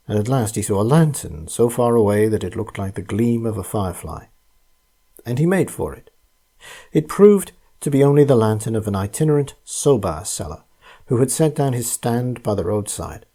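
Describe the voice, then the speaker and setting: A man reading a ghost story aloud in a calm, measured scripted narration. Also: lowish voice.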